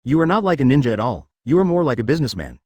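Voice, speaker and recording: Male reader as a scheming ninja boss, blunt and persuasive, brisk with an animated line. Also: mid-range voice, slightly rough, no room sound.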